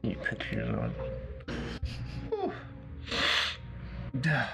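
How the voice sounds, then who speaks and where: A man's voice: fairly low pitch, huge pitch swings, extremely slow, creaky, music in the background. A man in a tabletop game, speaking for his character and describing what she does, with many fillers. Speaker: tabletop player.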